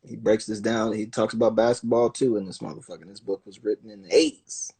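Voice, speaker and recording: A man talking casually on a phone livestream, animated and profane, acting out other people's voices as he goes. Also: fairly low pitch, quick pace, husky. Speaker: livestream host.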